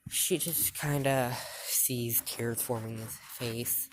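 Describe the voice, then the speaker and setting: A woman's voice: rumbling low, fairly even intonation, slow, few pauses, background noise. A woman telling a fan story in a casual, rambling way, full of fillers and restarts.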